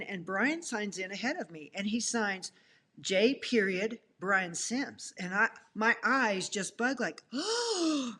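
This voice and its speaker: A middle-aged woman telling her love story in an animated, expressive way, acting out what she thought at the time. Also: mid-range voice. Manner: expressive, laughing, acts out her own past thoughts.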